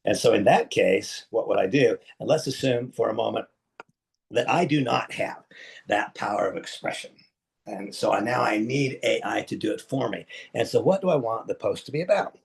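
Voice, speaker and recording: Low, gravelly man giving an emphatic training talk. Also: animated, normal speed. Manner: emphatic and preacherly, with sudden swings in pitch and loudness; talks to the audience directly as folks. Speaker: trainer presenting a business training session. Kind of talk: live online training talk.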